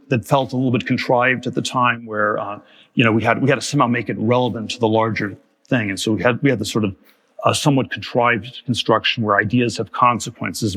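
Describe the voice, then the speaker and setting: A man in his fifties giving a public lecture, talking haltingly with many restarts and repeated words. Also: medium pitch, a bit bright. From Germany. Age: 50s. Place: lecture hall.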